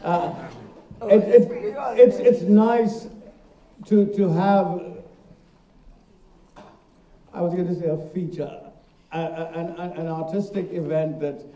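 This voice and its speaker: A man answering at a festival talkback, halting and repeating words as he speaks. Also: high voice, fairly even intonation, warm tone. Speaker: actor on a panel. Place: cinema auditorium. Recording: roomy, distant, muffled.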